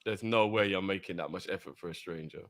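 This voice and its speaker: A man's voice: deep voice, fast talker, fairly bright tone. A man from telling a story in laid-back slang as a co-host of a casual podcast chat. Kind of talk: casual banter.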